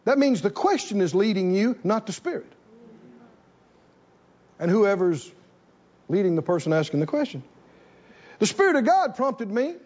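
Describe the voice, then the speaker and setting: A man preaching a sermon to a congregation, animated and repeating phrases for emphasis. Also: high-pitched, moderate pace, long pauses, lo-fi sound. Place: church in front of a congregation.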